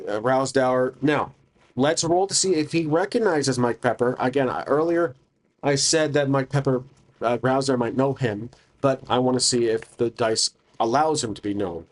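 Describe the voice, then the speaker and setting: A man's voice: mid-range voice, normal speed. Man thinking aloud through a solo tabletop game. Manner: thinks aloud, hesitant, with many restarts.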